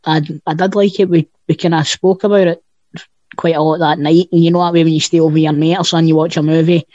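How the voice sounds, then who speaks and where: A man's voice: a little high, flat delivery, fast, warm tone, no echo. A man, chatting casually about films and cracking jokes. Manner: jokey, swears, storytelling. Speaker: podcast co-host. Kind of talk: casual chat. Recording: dull lo-fi dry sound.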